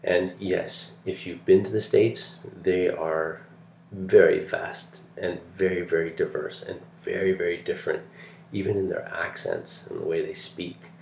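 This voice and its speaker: A man's voice: low voice, fairly even intonation, measured pace, gravelly, a little mellow, a little hiss or hum. A middle-aged man from Canada giving a recorded lecture in a chatty, digressive way, full of fillers and restarts.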